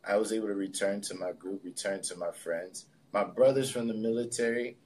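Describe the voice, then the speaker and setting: A man with a somewhat low voice talks as a guest in an interview. He tells his own story in a loose, reflective, conversational way, full of casual fillers. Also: fairly quick. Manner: relaxed, reflective, loose with fillers like "you know" and "like". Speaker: podcast guest, spiritualist and healer.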